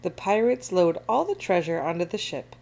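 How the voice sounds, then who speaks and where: A woman reading a children's picture book aloud in an expressive, animated way. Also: lowish voice, normal speed, creaky. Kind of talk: storybook read-aloud.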